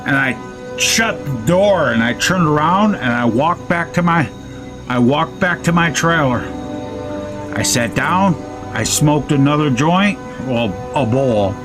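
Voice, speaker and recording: A man's voice: on the high side, lively intonation, unhurried. A man telling a rambling, profane story while playing a game. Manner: profane, rambling anecdote with quoted threats. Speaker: gaming streamer. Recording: faint music underneath.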